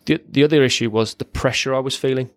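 A man's voice: medium pitch, steady tone, fast, no echo. A man, a military veteran, giving a raw, blunt personal account as a podcast guest, swearing freely and often restarting his sentences.

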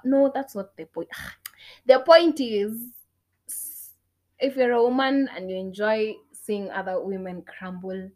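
An outspoken young woman venting her views straight to camera. Her speech lurches from sharp, loud bursts down to near-whispered muttering, peppered with curses and Swahili phrases. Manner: outspoken, swears a lot, switches between English and Swahili; swings from loud outbursts to low muttered asides. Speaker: vlogger. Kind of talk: casual opinion rant.

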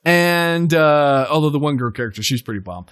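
A man's voice: fairly high pitch, animated, moderate pace, fairly bright tone, clear, resonant tone, no room sound, clean studio sound. A man in casual podcast chat, rambling and filling his talk with "like" and self-corrections.

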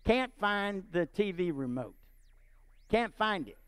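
A man preaching and telling a personal story, animated and often checking in with his listeners. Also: high-pitched, slow, clean tone, dry recording. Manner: animated, asks the audience often. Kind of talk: sermon storytelling.

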